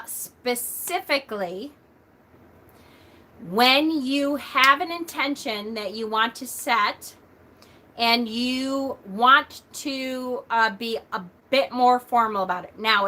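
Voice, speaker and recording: A middle-aged woman teaching a casual livestream lesson, chatty and quick with lots of fillers, coughing now and then. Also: fairly high pitch. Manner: chatty, talks a lot and loudly and quickly, frequent fillers. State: coughing at times.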